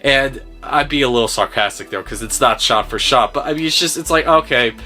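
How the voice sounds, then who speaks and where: A man giving a casual film review, talking in an animated, sarcastic way and swearing freely. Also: medium pitch, fairly quick, faint music behind.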